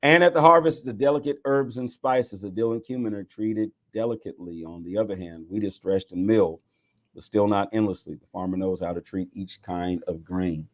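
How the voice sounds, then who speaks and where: A man, a bishop, reading scripture aloud in an expressive way, with exclamations and chuckles between passages. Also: lowish voice, brisk.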